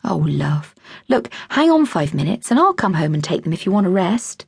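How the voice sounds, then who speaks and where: A woman's voice: fairly low pitch, sing-song, moderate pace, gravelly, a little mellow, husky, dry recording, clean studio sound, full character voice. A woman voicing a flustered, apologetic young mother in an audiobook. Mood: warm.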